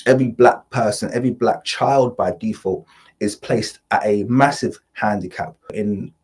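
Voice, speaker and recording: Emphatic husky-voiced male host. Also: on the low side, moderate pace, a little mellow. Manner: emphatic, repetitive and confrontational. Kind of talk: opinion commentary vlog. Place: home studio room.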